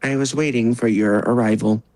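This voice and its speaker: A man's voice: mid-range voice, steady tone, moderate pace, darkish tone, no room sound, close to an everyday voice, low-quality recording. A man voicing a stern, condescending female sorcerer aide in a tabletop game, in his own everyday voice. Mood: haughty.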